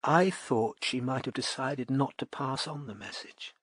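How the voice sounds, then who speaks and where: A man reading an audiobook, voicing a slightly drunk, wistful aristocratic young mother in a soft, slow, dreamy voice. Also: mid-range voice, breathy edge, dry recording, clean studio sound. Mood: tipsy dreamy.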